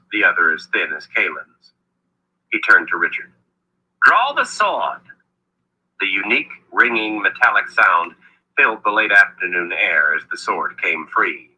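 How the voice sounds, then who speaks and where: Man, audiobook narrator, low husky voice, forceful tone, measured fantasy storytelling. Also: low-quality recording.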